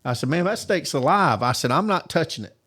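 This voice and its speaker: A man's voice: on the high side, animated, fairly quick, a bit bright, husky. A man telling work stories in a casual chat, acting out quoted voices and laughing often. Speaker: appliance technician telling stories.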